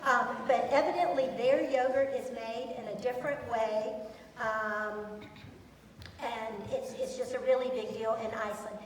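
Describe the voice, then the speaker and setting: A woman teacher talks to students in a chatty, enthusiastic way, filling her pauses with ums. Her voice sits a little high. She is picked up from a distance in a large hall with long, booming reverb. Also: fairly even intonation, a little hiss or hum. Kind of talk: presentation to students. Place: large echoey school hall. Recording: echoey hall from far off.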